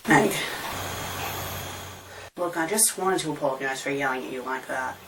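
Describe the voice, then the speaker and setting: A woman voicing a subdued female coach in a comedic reading, speaking quietly and apologetically. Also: very deep voice, moderate pace, a little hiss or hum, pitched below the performer's own voice.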